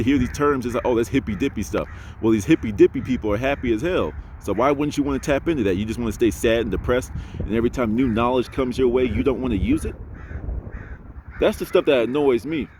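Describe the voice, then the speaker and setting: A man's voice: mid-range voice, a little hiss or hum. Blunt, preachy man talking outdoors. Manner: blunt, preachy, self-assured. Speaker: spiritual vlogger. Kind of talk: casual outdoor monologue. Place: outdoors in an urban area.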